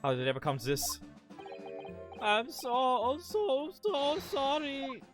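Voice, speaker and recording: A man's voice: a little high, moderate pace, music in the background, voice pushed up, lightly acted. A man voicing a distraught elderly male professor who pleads and apologizes in a quavering voice. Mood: anguished, apologetic.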